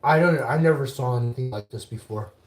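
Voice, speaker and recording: A woman from Winnipeg, telling a story on a casual livestream, animated and swearing, acting out the quotes. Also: very deep voice, fairly quick, roomy sound. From Winnipeg, Canada.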